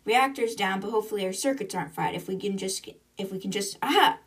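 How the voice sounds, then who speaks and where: A woman's voice: medium pitch, close to an everyday voice. A woman voicing a harried young engineer. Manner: quick, busy chatter. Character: young female engineer, harried but cheerful.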